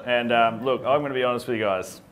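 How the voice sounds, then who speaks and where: A man telling one-liners as a comedy guest, slow and self-amused, laughing into his lines. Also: mid-range voice, steady tone, crowd noise. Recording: noticeable background noise.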